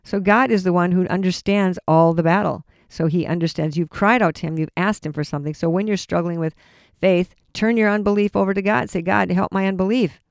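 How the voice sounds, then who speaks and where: An earnest man teaches from scripture in a relaxed, talky sermon, circling back and restarting phrases as he goes. His voice is clear and smooth, pitched a little high, with a close, dry sound. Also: brisk, dry recording. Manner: earnest, conversational, frequent restarts. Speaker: preacher. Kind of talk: informal Bible teaching sermon.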